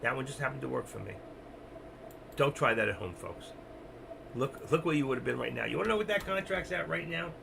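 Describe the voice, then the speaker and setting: Over background noise, this options trading livestream host talks briskly in a medium-pitched, creaky, animated voice, leaving long pauses. He rambles casually, makes self-deprecating jokes, and addresses his viewers directly.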